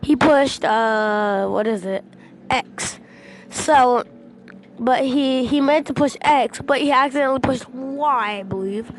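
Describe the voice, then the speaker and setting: A young female gaming vlogger casually telling a rambling story, excitable and breaking into shouts when she quotes people, into a headset mic. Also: sits high, slow, slight background noise.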